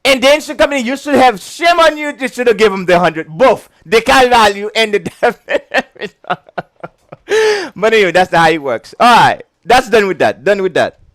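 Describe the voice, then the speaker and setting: High-voiced chatty male instructor. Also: big pitch swings, a little fast, fairly bright tone, no room sound. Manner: chatty, keeps checking "okay?", breaks into giggles. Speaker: insurance licensing instructor. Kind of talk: casual whiteboard lecture.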